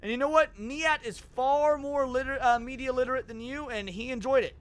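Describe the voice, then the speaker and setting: A male streamer giving casual gaming commentary, excitable and frustrated, swearing and bantering with his chat. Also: very high voice, normal speed, clean tone.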